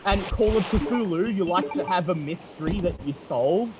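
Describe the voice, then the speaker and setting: A man's voice: sits high, animated, moderate pace, background noise. A man streaming a game, explaining at length in casual chat, with frequent restarts and fillers.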